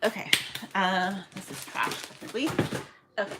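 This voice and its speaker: Woman, casual vlogger, chatty and self-deprecating, mid pitch, noisy home recording. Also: expressive, moderate pace, pauses often. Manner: chatty, self-mocking, counting aloud while packing. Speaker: small online shop owner. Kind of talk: casual vlog chat to viewers.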